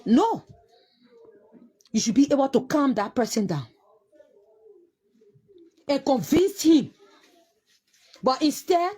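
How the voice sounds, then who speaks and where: A grieving Liberian mother with a high-pitched, slightly mellow voice makes an impassioned, accusing public statement. She repeats her phrases and sounds close to tears.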